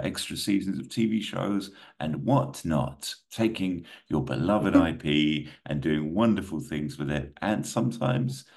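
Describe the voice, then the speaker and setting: A man with a very low voice co-hosts a casual movie podcast. He talks in a playful, joking way and laughs often. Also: gravelly, darkish tone. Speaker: podcast co-host.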